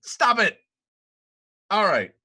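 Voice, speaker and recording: A man co-hosts a casual podcast. He stammers through his sentences and laughs often. His voice is bright and fairly high. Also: very animated, slow, husky. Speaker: podcast co-host.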